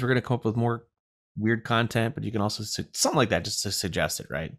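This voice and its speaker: A man's voice: fairly low pitch, quick pace, fairly bright tone. A man with a nasal voice, co-hosting a casual chat and telling a rambling story full of fillers and self-deprecating asides. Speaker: podcast co-host.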